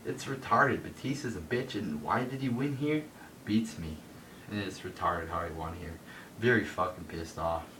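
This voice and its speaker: A man's voice: moderate pace, pushed and bright, recorded from a distance. A man ranting in a solo wrestling review into a phone, profane and rambling with lots of fillers. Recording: roomy echo from off-mic with faint rumble.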